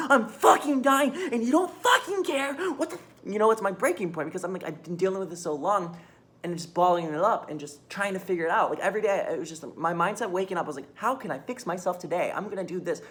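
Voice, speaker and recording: A woman's voice: low-pitched, a bit bright. A young woman talking candidly into her phone camera in a mostly empty room, rambling with restarts, swearing and nervous laughs. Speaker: vlogger. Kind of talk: candid personal confession.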